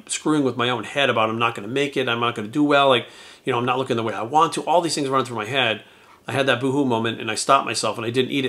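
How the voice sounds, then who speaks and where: Guy vlogging, retired bodybuilder, rapid-fire and kinda sharp-toned, cusses a lot and keeps restarting sentences. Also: medium pitch. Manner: candid, profane and rambling, with frequent restarts. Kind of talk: casual storytelling to camera.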